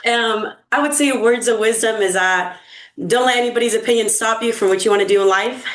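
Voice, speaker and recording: A woman's voice: on the high side, brisk, fairly bright tone, roomy sound, rough recording. A woman out of breath after climbing stairs, giving direct, encouraging advice on a group call. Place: home in the mountains.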